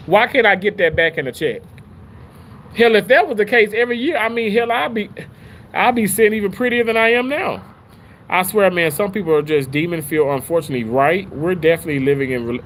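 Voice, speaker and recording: A man talks casually to his livestream chat, rambling and restarting his sentences. His voice sits a little high and jumps around in pitch when he gets worked up. A faint hum of background noise sits under the recording. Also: a little fast, fairly bright tone, poor audio. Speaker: livestream host reading chat.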